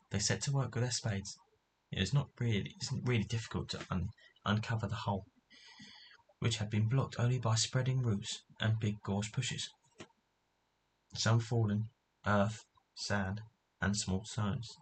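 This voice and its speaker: A man with a low voice reads a children's adventure book aloud. He stumbles and corrects himself now and then, as in an unrehearsed reading. A faint hiss sits under the recording. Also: a little slow, rough recording. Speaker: narrator.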